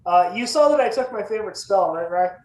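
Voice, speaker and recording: Hesitant player in an echoey room. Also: male voice, sits high, lively intonation, fast, a little mellow. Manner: hesitant, many fillers. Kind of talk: casual chat about a tabletop character.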